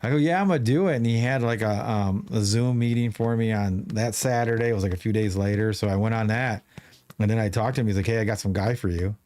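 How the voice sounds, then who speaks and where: A man's voice: fairly low pitch, fairly even intonation, fast, a little mellow. A man hosting a podcast, telling a long story in casual chat with many restarts. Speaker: podcast host.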